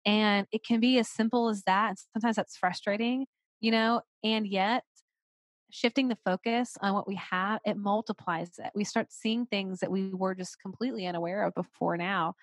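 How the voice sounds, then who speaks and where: A woman's voice: mid-range voice, fairly even intonation, moderate pace, no echo. A woman hosting a podcast, telling stories expressively and reflecting thoughtfully in casual conversation. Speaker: podcast host.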